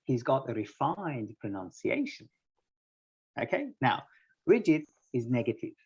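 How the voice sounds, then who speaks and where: A man's voice: medium pitch, very animated, a little slow, a little mellow, breathy edge, muffled recording. A man teaching an online English class, patiently quizzing students by name and explaining word pairings, heard over a video call.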